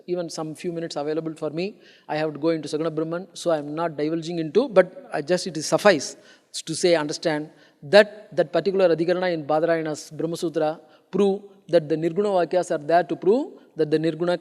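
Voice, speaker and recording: A man's voice: fairly high pitch, a little mellow. A man giving a conference lecture on philosophy, explaining and stressing points, often repeating and restarting his phrases. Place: conference hall. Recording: long hall reverb.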